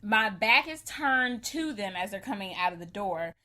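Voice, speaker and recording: A woman co-hosting a podcast, telling a story in a lively, animated way, laughing often and acting out what people said. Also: mid-range voice, moderate pace. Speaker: podcast co-host. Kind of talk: casual storytelling chat.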